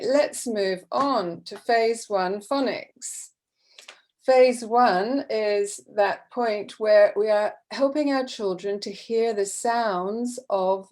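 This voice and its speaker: A woman's voice: medium pitch, a little mellow. A woman teacher trainer explaining classroom methods in a patient, explanatory way, with frequent fillers. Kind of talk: online teacher-training talk.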